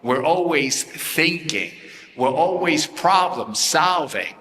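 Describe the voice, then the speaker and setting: Male priest, sermon; slow, measured delivery with repetition, bright forceful tone, long church reverb. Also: on the high side, animated, slight background noise. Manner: slow, deliberate preaching with repeated phrases.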